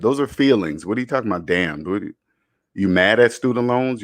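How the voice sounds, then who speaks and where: A man's voice: medium pitch, expressive, fairly quick, no room sound. A man hosting a live personal finance stream, talking bluntly and preachily, repeating points and tagging lines with "okay?". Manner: repeats himself for emphasis. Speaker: personal finance show host.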